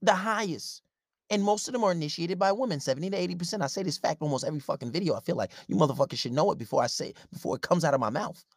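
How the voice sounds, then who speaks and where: A man's voice: on the high side, animated, rapid-fire, dry recording, clean studio sound. A man delivering a blunt, profane advice rant in a confrontational way. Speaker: relationship advice commentator. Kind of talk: ranting advice monologue.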